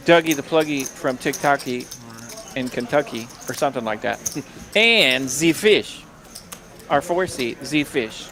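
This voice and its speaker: A man's voice: on the high side, a bit bright. A man commentating live poker with playful, jokey banter. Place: card room broadcast booth. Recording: casino crowd noise behind.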